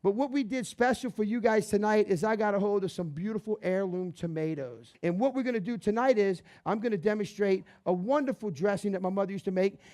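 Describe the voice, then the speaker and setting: A chef from the New Orleans area of Louisiana hosts a cooking show demonstration, upbeat and chatty, calling his audience "guys" and "baby". His voice is high-pitched and mellow.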